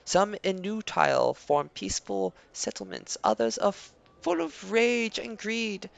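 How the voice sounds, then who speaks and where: A man's voice: sits high, big pitch swings, measured pace, creaky, exaggerated voice. A man voicing a wary male servile villager in a fantasy game, speaking in a stiff, formal, warning way.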